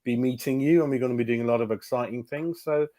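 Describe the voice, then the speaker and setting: A man hosts a relaxed fan talk show in an easy, chatty way. His voice sits at an ordinary middle pitch, and he stumbles over his words, repeating them and filling gaps with ums. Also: fast. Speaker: host. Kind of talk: casual chat.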